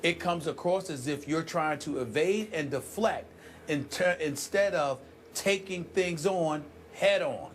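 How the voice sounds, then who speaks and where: A man co-hosting a sports debate show in a TV studio, talking forcefully and building emphasis while a little under the weather. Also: a little high, measured pace, a little hiss or hum. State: sick, clears throat.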